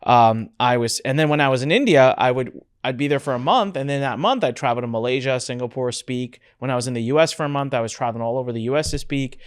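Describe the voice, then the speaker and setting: A man hosting a podcast, telling a personal story in an animated way and acting out the voices of the people in it. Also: medium pitch, fast talker, few pauses, clear, resonant tone. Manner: animated storyteller who acts out quoted dialogue. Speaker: podcast host.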